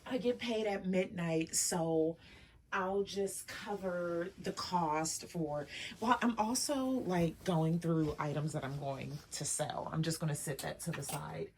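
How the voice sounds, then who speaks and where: A woman's voice: deep voice, slow, a little mellow, a little hiss or hum. A woman vlogger and personal stylist chatting casually while sorting clothes in her dressing room, emotional and chatty. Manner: chatty, emotional, choking up at times. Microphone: camera off, voice only.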